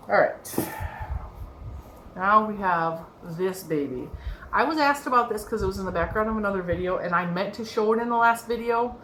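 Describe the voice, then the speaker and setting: A woman's voice: lowish voice, a bit bright. Chatty woman showing off her crochet. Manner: chatty, rambling, laughs often. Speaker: crochet vlogger. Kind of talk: casual show-and-tell chat. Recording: echoey room with faint background noise.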